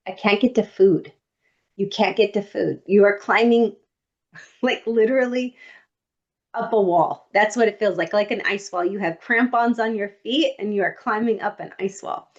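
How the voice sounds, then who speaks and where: A woman guest on a podcast, telling a personal story in an animated way and acting out what others said. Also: medium pitch, highs cut off.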